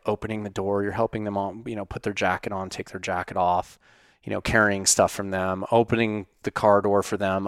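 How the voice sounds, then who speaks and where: A man's voice: on the low side, dry recording. Blunt, profane man in a dry room. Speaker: host answering viewer questions. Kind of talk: casual monologue. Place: home studio.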